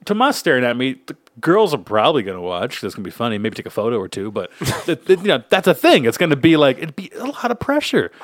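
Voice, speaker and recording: A man's voice: mid-range voice, wildly swooping pitch, fast talker, few pauses, dry recording, studio quality. A man co-hosting a podcast in casual banter, telling crude stories and laughing mid-sentence. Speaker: podcast co-host.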